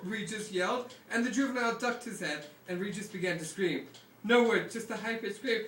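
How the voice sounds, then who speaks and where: Bright and forceful, a man's high-pitched voice carries a novel reading to friends at a moderate pace, with slight background noise. He's casual and amused, often laughing, indoors at a lakeside cabin where a distant mic catches the room's echo.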